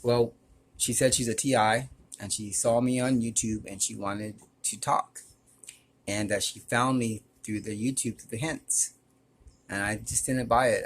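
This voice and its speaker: A man's voice: medium pitch, steady tone, normal speed. Aggrieved man rambling through a story. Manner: rambling, with repeated restarts; earnest, aggrieved. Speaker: YouTuber. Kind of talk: personal storytelling to camera.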